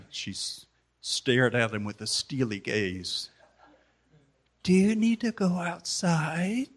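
A man giving a memorial tribute to a gathering, telling stories about the one remembered with pauses and restarts. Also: on the low side. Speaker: community member giving a tribute.

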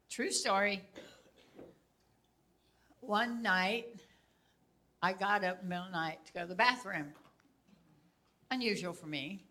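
An older woman with a bright, forward voice teaches casually. She tells stories from her own life, animated and quick to laugh. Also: lowish voice. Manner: animated storyteller, laughs often.

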